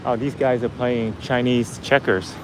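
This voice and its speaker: A man's voice: medium pitch, steady tone, unhurried, noisy background. Chatty man on a city street. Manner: chatty, laughs easily, talks to viewers. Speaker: vlogger. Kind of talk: casual walking vlog. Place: outdoors on a busy city street.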